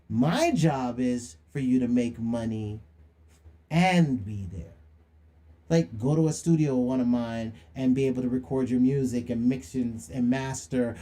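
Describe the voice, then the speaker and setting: Young guy ranting on his livestream, kinda high pitched, mellow tone, lots of "right?" and calling folks out. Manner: preachy, rhetorical questions, slangy call-outs. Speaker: livestream host. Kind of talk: livestream monologue.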